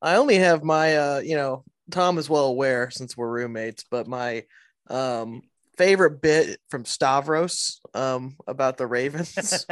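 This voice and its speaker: A man's voice: medium pitch, unhurried. A man chatting casually, asking curious, offbeat questions. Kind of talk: casual chat.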